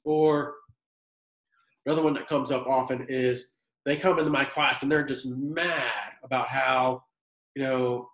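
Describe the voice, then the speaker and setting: A man who teaches high school giving casual, conversational advice on working with teens. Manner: conversational, acts out student exchanges. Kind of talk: casual classroom advice talk. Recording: echoey room.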